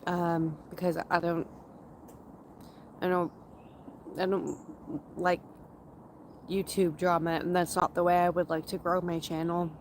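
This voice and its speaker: Slow-talking woman chatting on a stream. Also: fairly low pitch, flat delivery, slight background noise. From Canada. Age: 30s. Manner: slow, rambling and chatty, with frequent fillers and laughs. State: runny nose. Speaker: livestream host. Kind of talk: casual livestream chat, answering viewers. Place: outdoors in a forest area.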